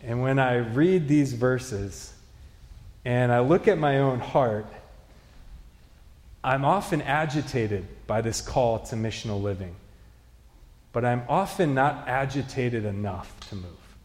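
A man preaching in a church, earnest and steady, his voice building into emphatic repeated questions. Pitch sits in a middle range, and his words ring out with a long, roomy reverb. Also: takes it slowly, pauses often. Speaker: pastor. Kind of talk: sermon. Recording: echoey hall, reverberant.

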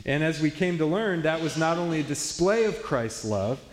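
A man's voice: a little high, expressive, normal speed. Earnest male pastor preaching in an echoey hall. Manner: earnest, explanatory preaching with emphatic stresses. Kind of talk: expository sermon. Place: church sanctuary. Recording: echoey hall with long reverb.

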